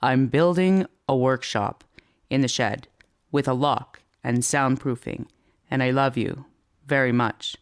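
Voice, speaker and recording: A woman voicing a weary family dad who speaks calmly and flatly. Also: sits low, measured pace, clear, resonant tone. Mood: deadpan. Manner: flat, controlled, deadpan. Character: weary, deadpan family dad, calm but frazzled.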